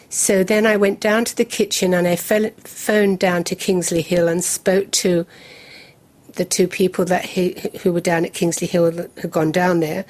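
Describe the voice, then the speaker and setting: A woman, recounting a personal memory in measured, detailed storytelling as an interview guest. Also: on the low side, fairly even intonation, a little mellow. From England. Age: 70s.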